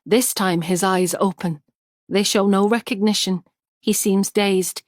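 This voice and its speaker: A woman narrating a thriller audiobook in a measured, tense way. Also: medium pitch, fairly even intonation, no room sound, studio quality. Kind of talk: scripted narration.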